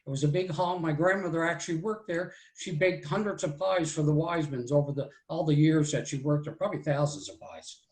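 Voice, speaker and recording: Speaking briskly with few pauses, this guest storyteller in his 60s has a slightly high, somewhat mellow voice. He rambles folksily through a childhood story in a live oral telling, using "so anyway" and "right?", captured on a rough recording with a roomy feel.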